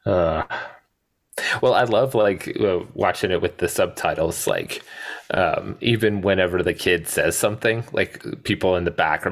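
Very deep-voiced man in casual chat. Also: fairly bright tone. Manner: hesitant, lots of fillers, laughs. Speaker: podcast co-host.

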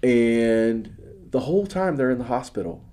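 A man's voice: medium pitch, lively intonation, moderate pace, mellow. A man hosting a podcast, telling a story in a casual, earnest way, often restarting his sentences as he goes. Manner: religious. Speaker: podcast host. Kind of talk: casual chat.

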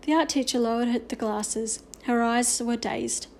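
Storybook reader: woman, fairly high voice, expressive delivery with occasional slips. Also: normal speed. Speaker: narrator. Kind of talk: storybook reading.

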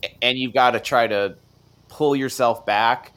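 A man in a casual podcast chat, talking with excitement, laughing often and quoting movie lines. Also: medium pitch, measured pace. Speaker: podcast guest.

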